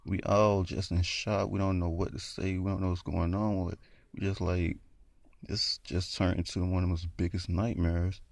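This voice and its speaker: A man's voice: low voice, flat delivery, normal speed, vocal fry, dry recording. A man telling a horror story in a casual, rambling way, full of fillers.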